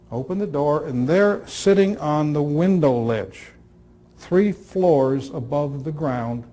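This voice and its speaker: Older man telling stories with dramatic pauses. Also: on the high side, mellow. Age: 60s. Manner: dramatic pauses, repetition, dry humor. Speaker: speaker on communication skills. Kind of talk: storytelling talk to a live audience.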